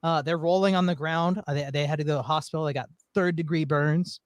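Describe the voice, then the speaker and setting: A man's voice: on the high side, steady tone, fast talker, no echo, studio quality. A man hosting a casual chat, telling rambling stories with many fillers and restarts. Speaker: podcast host.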